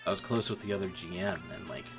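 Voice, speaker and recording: Low-voiced young man ranting profanely. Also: fast. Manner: profane, venting, bitter. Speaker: streamer. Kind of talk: casual rant. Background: music.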